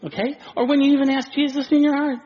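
A man preaching a sermon in an animated way, acting out quoted voices with chuckles. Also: extremely high pitch, quick pace, dull audio. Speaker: pastor.

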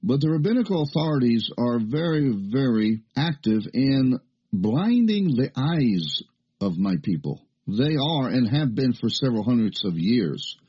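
Older male preacher, husky voice, emphatic folksy sermon, lo-fi. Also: medium pitch, very animated, a little slow. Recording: muffled lo-fi recording.

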